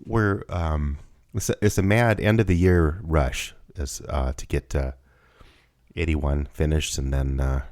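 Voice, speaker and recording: A man's voice: very deep voice, slow, darkish tone, no echo. A man in his fifties co-hosting a podcast from his home studio, chatting loosely and laughing as he rambles. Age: 50s. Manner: rambling, laughs often, restarts. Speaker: podcast co-host. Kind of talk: casual chat.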